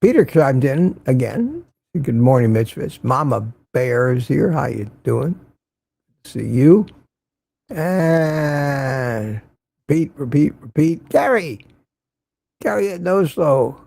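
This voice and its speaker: A man's voice: medium pitch, very animated, takes it slowly, creaky, pauses often, dark tone. An older man hosting a casual morning livestream, greeting viewers by name and making wry asides. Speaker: livestream host.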